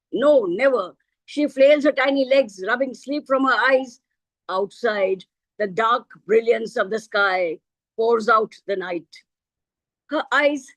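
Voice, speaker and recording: A woman's voice: on the high side, no room sound, rough recording. A middle-aged woman reciting her own poem expressively over a video call. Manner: expressive, shifts into a child's voice for quoted lines. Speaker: poet. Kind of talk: poetry recital.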